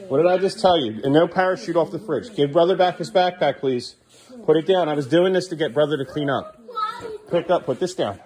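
A father filming a home vlog, firmly repeating short commands to his child as he tidies up indoors. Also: medium pitch. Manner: firm, repetitive commands to a child. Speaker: father and vlogger.

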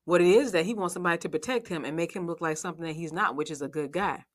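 A woman with a fairly low voice talks very fast as she reviews a reality TV show, giving casual, sassy recap commentary. She swears freely, laughs often, and speaks straight to her viewers.

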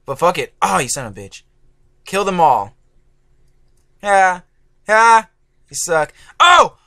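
A man doing let's play commentary as a gaming YouTuber, excitable and swearing, yelling at the game and groaning when he fails. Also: sits high, slow pace, vocal fry, dry recording, studio quality. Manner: groaning frustration at failures.

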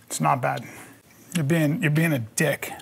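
Middle-aged man, higher register, gravelly. Deadpan, mock-boastful comic banter. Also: unhurried. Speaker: comedian co-host. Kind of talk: casual joking banter.

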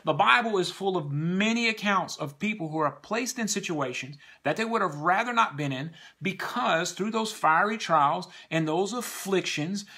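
A man's voice: high voice, expressive, normal speed, hardly any pauses, pushed and bright, slightly rough. A man preaching a sermon to a congregation, earnestly exhorting the listeners.

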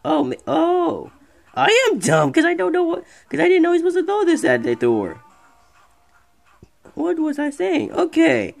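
A streamer giving casual let's-play commentary, excitable and rambling, talking back to the game. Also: extremely high pitch, moderate pace, vocal fry, faint music behind. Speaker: gameplay streamer.

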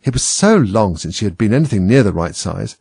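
Gravelly man reading a storybook. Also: fairly low pitch, brisk, no echo. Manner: expressive, animated reading. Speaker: audiobook reader. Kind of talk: storybook narration.

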